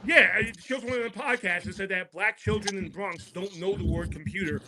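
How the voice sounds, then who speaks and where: A man's voice: high-pitched, fast, crowd noise, rough recording. A man speaking as a guest on a political talk show, making an impassioned case and repeating words as he presses his points. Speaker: podcast guest.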